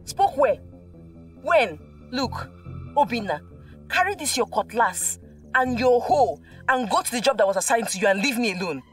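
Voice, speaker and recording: A woman's voice: a little high, lively intonation, moderate pace, natural voice. A young Nigerian woman acting in a film drama as a dismissive university student, snapping off mocking retorts. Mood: scornful. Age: young adult. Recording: distant mic with faint music.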